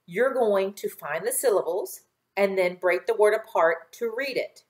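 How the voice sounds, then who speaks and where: Patient teacher woman in an echoey room. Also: medium pitch. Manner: slow, clear enunciation with drawn-out model words; patient and encouraging. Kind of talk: recorded phonics lesson for children.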